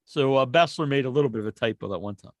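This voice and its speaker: A man co-hosting a podcast in casual chat, an animated storyteller who laughs often and acts out sounds. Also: medium pitch, rapid-fire, no echo, clean studio sound. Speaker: podcast co-host.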